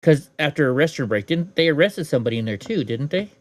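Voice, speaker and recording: A man's voice: on the high side, animated, quick pace, no echo. A man hosting a casual show, commenting on news clips with sarcastic asides. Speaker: host reacting to clips.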